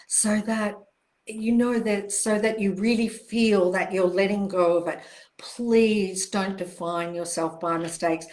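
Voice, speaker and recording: An older woman hosting a live question-and-answer stream, speaking in a gentle, reassuring way with soft pauses and repeated phrases. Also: lowish voice. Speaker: self-help author hosting a live Q&A.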